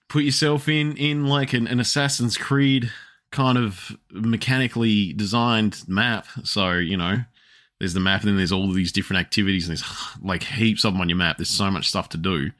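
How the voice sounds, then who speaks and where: A man hosting a laid-back gaming podcast, his voice sitting on the lower side. He talks in a rambling, easygoing way, restarting sentences often and laughing as he goes. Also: moderate pace, a bit bright. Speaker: podcast host. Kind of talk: casual chat.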